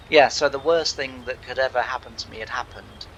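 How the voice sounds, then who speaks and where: Bright-voiced man telling a story. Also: medium pitch, slight background noise, poor audio. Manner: rambling, halting, with many restarts. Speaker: farming game channel host. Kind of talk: personal storytelling.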